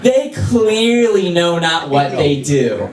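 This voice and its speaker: A man's voice: on the high side, very animated, takes it slowly, distant mic, a crowd in the background. A man voicing a sassy, passive-aggressive male Jesus in a whiny, mock-gracious tone during a comedy set. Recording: echoey club recorded from afar.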